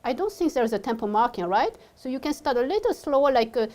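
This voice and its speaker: A woman's voice: sits high, very animated, quick pace, darkish tone. A woman teaching a one-on-one piano lesson, encouraging her student and singing phrases aloud to show how they go. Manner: sings phrases to demonstrate, encouraging. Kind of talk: one-on-one music coaching.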